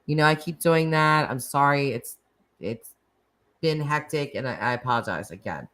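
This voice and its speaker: A middle-aged woman hosts a casual live chat, taking callers. Her voice sits low, and she talks in a chatty, meandering way, laughing often and restarting her sentences. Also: animated, moderate pace, a bit bright, low-quality recording. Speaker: live stream host.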